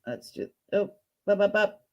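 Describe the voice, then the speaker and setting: A woman's voice: mid-range voice, lively intonation, a little slow. A woman in her fifties with a Boston accent, hosting a casual live jewelry sale, chatty and hesitant as she shows pieces and greets viewers. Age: 50s. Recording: dull lo-fi stream audio.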